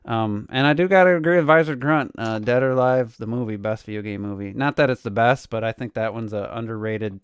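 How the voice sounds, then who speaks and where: Smooth dry-voiced man chatting on a podcast. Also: mid-range voice, a little fast, few pauses, no room sound. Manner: rambling, full of fillers and asides. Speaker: podcast co-host. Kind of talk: casual podcast chat.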